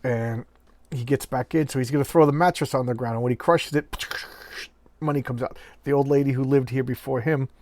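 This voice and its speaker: A man's voice: medium pitch, fairly even intonation, fairly quick, a little mellow, dry recording. A middle-aged man casually talking through an old comic book, acting out dialogue in little bursts and correcting himself as he goes. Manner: chatty, acts out comic dialogue in bits, self-correcting. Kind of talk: casual show-and-tell chat.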